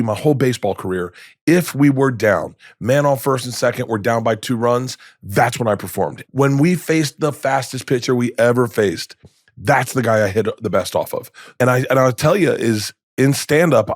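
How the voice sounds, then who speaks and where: Gravelly guy telling wild stories on a podcast, does hushed voices for his family, dry studio sound. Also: mid-range voice, normal speed, no room sound. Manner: acts out quoted relatives in hushed voices, laughs while telling. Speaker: comedian guest. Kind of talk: animated storytelling.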